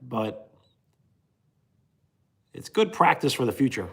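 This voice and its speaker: A laid-back man hosts a casual livestream and chats with viewers. His pitch is middling but swings lively up and down. He talks easily, often with a chuckle. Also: takes it slowly, slightly rough. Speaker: livestream host reading chat. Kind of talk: casual chat.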